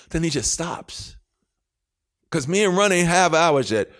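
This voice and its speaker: A man on an interview show, telling an anecdote in a casual, animated way, acting out other people's lines and swearing freely. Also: on the high side, measured pace, long pauses. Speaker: interview guest.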